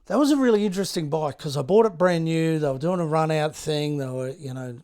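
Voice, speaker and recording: A man in his fifties with an Australian accent, a guest telling stories in a relaxed, halting way, full of fillers. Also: on the high side. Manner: laid-back, many fillers and restarts, acts out others' lines. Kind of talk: casual storytelling chat.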